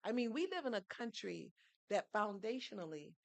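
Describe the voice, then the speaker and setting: A woman's voice: mid-range voice, animated, normal speed, gravelly, no room sound. A woman, speaking as a podcast guest who tells her story in an earnest, teaching way and poses rhetorical questions. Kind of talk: storytelling conversation.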